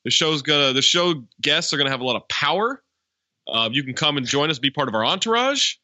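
A man's voice: fairly high pitch, lively intonation, a little fast, sharp tone, no room sound, highs cut off. A man hosting a podcast, chatting casually and rambling with lots of fillers. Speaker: podcast host. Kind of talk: casual chat.

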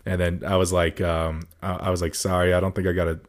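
A man's voice: low voice, fast. A young man chatting casually with a friend, swearing a lot and telling stories with plenty of laughter. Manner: animated storyteller, swears a lot, laughs often. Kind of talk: casual chat between friends.

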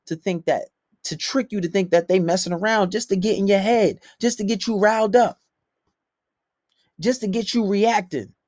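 A man giving blunt, profane dating advice in a casual monologue, swinging between loud outbursts and low mutters. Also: no room sound, studio quality.

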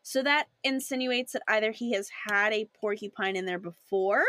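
A woman co-hosting a podcast, recapping a TV episode in a giggly, animated way. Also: mid-range voice, normal speed. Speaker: podcast co-host.

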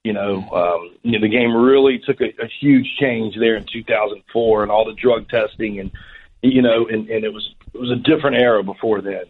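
A man with a low, husky voice tells a rambling story, tripping over restarts as he goes. He sounds thin and tinny, as if he is coming through a phone line on radio. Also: fairly even intonation, a little fast. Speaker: former baseball pitcher, guest. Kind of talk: storytelling interview answer.

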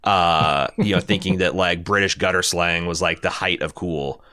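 Man, thirties, low pitch, bright forceful tone, dry close sound, rambling casual movie chat. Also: moderate pace, no echo. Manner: rambling, animated, profane. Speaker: podcast co-host.

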